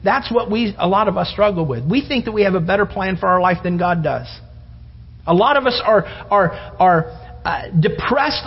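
A man's voice: extremely high pitch, husky. A man preaching a sermon in an earnest way, often restarting his phrases and speaking prayers aloud. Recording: dull lo-fi sound with long hall reverb.

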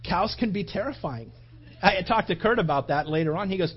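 A male preacher with a high-pitched voice tells a story from the pulpit, acting out his own thoughts as he goes. His voice is husky and slightly breathy. The recording sounds dull and lo-fi. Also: expressive, brisk. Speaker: pastor. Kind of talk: sermon with a personal story.

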